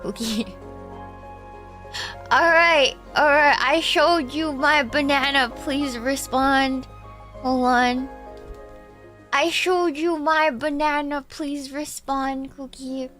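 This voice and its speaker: A woman's voice: high voice, fairly even intonation, takes it slowly, a bit bright, soft background music. A woman from Texas who streams, chatting casually with viewers, thanking donors and breaking into song.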